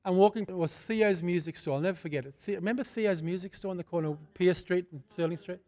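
Fervent older preacher, high voice. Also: male voice, fast. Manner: fervent, conversational storyteller, gets loud in bursts. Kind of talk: sermon with prayer and personal testimony. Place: church.

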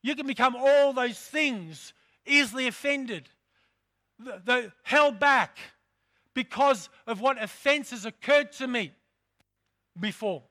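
Preaching slowly to his congregation, this male pastor speaks emphatically and likes to repeat himself. He has a high-pitched, bright, forceful voice that carries as he calls out.

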